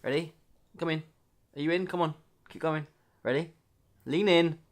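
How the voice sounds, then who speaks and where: A man in his twenties doing a playful comedic vlog monologue, full of mock-dramatic bursts and low asides. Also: moderate pace. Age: 20s. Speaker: vlogger.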